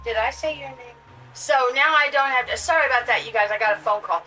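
A woman's voice: sits high, fast talker, pushed and bright, distant mic, soft background music, poor audio. An older woman hosting a casual doll unboxing vlog, gushing and chatty as she talks straight to her viewers. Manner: gushing, chatty, addresses viewers as you guys. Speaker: doll channel host.

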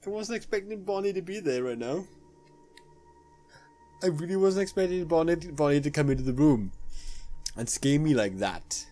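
A man's voice: a little high, expressive, normal speed, pauses often, dark tone. Jumpy male horror-game player. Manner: jumpy, nervous, pleads aloud with game characters. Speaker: gaming YouTuber. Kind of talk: horror game let's play commentary.

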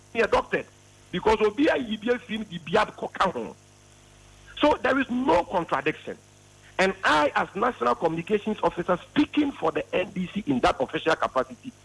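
Impassioned high-voiced Ghanaian man, raspy. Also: a bit bright, rough recording. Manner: emphatic, repeats words for stress. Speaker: party spokesman on a radio phone-in. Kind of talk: impassioned political argument.

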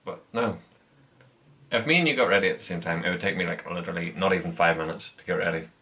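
A man's voice: deep voice, quick pace, bright, forceful tone. A young man, chatting casually and teasing his girlfriend in good humour. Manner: laid-back, complaining in good humour. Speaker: vlogger's boyfriend. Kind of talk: casual chat.

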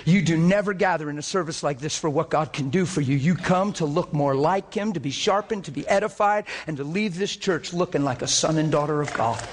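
Preaching to his congregation at a church service, a man with a voice on the high side delivers an impassioned sermon. Rhetorical questions build to emphatic peaks, trailed by a long reverb tail.

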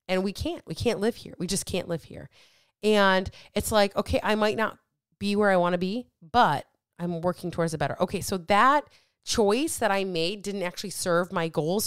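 Woman podcast coach, mid-pitched, blunt and profane, motivational, clean dry recording. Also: smooth, dry recording. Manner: blunt and emphatic, swears freely; motivational, addresses listeners directly. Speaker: weight loss coach and podcast host. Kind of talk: casual podcast monologue.

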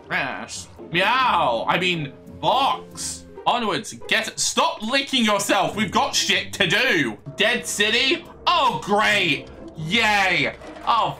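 A high, very bright man's voice that swings all over the place, streaming a game and riffing on it as he plays. He bounces between silly jokes, mock outrage and a lot of swearing as he talks back at the characters, and faint music plays underneath. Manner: playful, sweary, joking banter with game characters. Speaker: gaming streamer. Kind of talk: let's play commentary. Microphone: desk mic for streaming.

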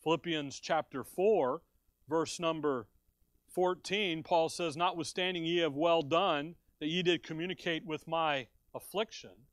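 A man's voice: a little high, unhurried, no room sound. A man preaching a sermon from the pulpit, talking conversationally and rising to emphatic bursts. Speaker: pastor. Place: church sanctuary.

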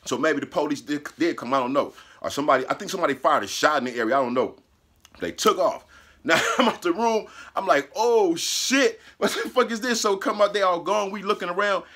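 A man with a husky, somewhat high voice tells a personal story in a casual, animated way. He cusses freely, laughs in the middle of sentences and acts out what others said along the way. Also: quick pace. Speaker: host telling a personal story.

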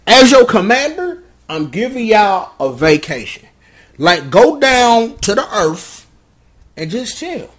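A man's voice: high-pitched, sing-song, slow, a bit bright, exaggerated voice. A man voicing an easygoing male commander who hands out orders in casual slang. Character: laid-back male team commander.

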